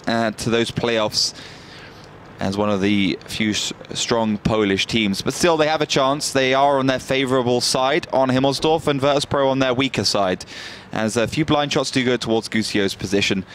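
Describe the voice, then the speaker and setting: A man's voice: medium pitch, normal speed, fairly bright tone, a little hiss or hum. A man casting an esports match as an analyst, talking in a chatty way with plenty of fillers and restarts. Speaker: esports caster. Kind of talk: casual play-by-play analysis.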